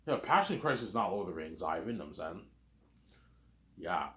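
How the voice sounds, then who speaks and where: A man with a very low voice talks through a casual, rambling commentary. He keeps circling back with the same tag phrases and fillers. The sound carries a noticeable room echo. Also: very animated, quick pace, a bit bright. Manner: rambling, repeats fillers and tags constantly. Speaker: host. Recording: roomy echo.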